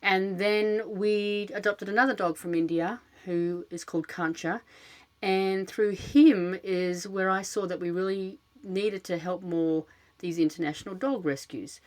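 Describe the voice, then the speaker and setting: A woman's voice: mid-range voice, fairly even intonation, unhurried. An older woman with an Australian accent, hosting a casual solo podcast in a chatty, self-deprecating way, with many fillers. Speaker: podcast host. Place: small closet lined with cushions.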